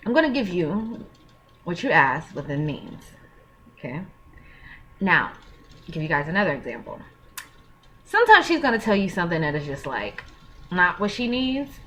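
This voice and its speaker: An earnest woman talks straight to the camera in a casual advice vlog, slangy, frank and openly emotional. Her voice sits on the low side for a woman, and a faint hiss of room noise runs under it. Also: big pitch swings, moderate pace, pauses often, a bit bright. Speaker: vlogger giving parenting advice.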